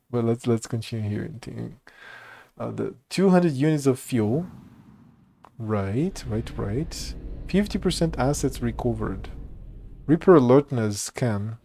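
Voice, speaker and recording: A man's voice: medium pitch, expressive, takes it slowly, long pauses, dark tone, slight background noise. Guy chatting through a game stream, rambly and laid back, cusses here and there. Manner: rambling, laughs and swears often. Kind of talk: casual gameplay commentary.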